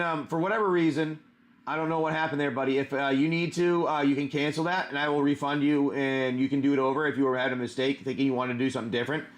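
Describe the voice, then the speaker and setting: A man with a somewhat high voice runs a live card-pack stream. He talks casually to his viewers and calls them by name. His speech wanders and is filled with "um" and "uh". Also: fairly bright tone. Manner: chatty, greets viewers by name, many fillers. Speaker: live stream host opening card packs.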